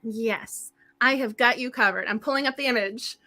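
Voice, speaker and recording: A woman hosting a book club livestream in casual, effusive chat, her voice slightly hoarse. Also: fairly high pitch, moderate pace, pushed and bright.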